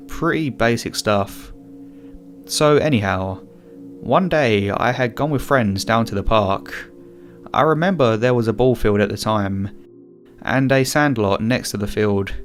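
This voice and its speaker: A man with a mid-range voice narrates a creepy first-person story. His reading is conversational, and quiet music runs underneath. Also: mid-range voice. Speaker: guest narrator. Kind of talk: scripted horror story narration.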